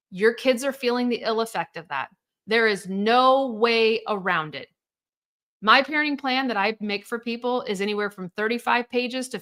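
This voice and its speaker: Fired-up lady coach, swears a lot, bright voice, kinda high. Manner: blunt, profane, emphatic, rhetorical questions. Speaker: divorce coach. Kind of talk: motivational monologue.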